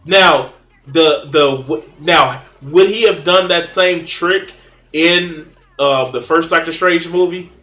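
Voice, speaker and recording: A man's voice: fairly high pitch, slow pace, pushed and bright, echoey room. A man in casual chat, blunt and opinionated, swearing freely while arguing about comics.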